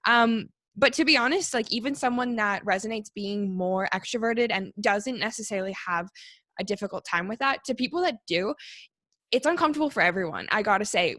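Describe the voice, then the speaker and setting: A woman's voice: medium pitch, fairly bright tone, no room sound. Canadian woman in her 20s, podcast guest, easygoing chat with a dry, close sound. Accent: Canadian English. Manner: chatty, frequent "like" fillers. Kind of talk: casual conversation.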